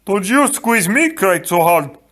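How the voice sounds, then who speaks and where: Storybook giant: huge, simple, gentle, childlike insistence, pitched high, voiced by a man. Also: expressive, a little slow. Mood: wary. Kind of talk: audiobook character reading.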